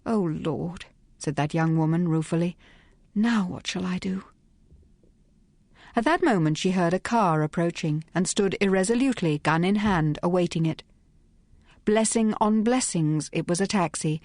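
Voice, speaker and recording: A woman with a lowish voice narrates a period mystery novel, brisk and crisp with a wry edge. The recording is close and dry, with no room sound. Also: a little mellow, dry recording. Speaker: audiobook narrator. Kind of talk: scripted narration.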